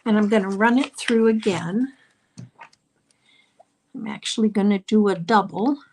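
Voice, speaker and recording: Slow-talking woman teaching card-making. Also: mid-range voice, a little mellow, a little hiss or hum. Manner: chatty step-by-step explaining with frequent ums. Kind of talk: live crafting class demonstration.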